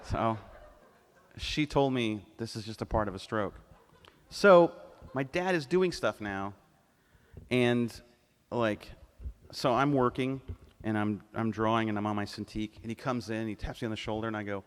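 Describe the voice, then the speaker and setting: A man's voice: on the low side, normal speed, pauses often, smooth. A man, a cartoonist on a convention stage, telling candid, profane stories and acting out the dialogue. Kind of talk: live storytelling talk. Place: convention panel hall. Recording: live hall with long reverb.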